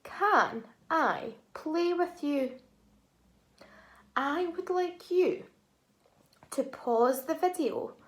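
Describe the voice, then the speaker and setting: A woman teacher leading a phonics lesson for young children, speaking in an encouraging way and pausing for them to repeat. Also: a little high, a bit bright. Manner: slow, encouraging, speaks to children with pauses for repetition.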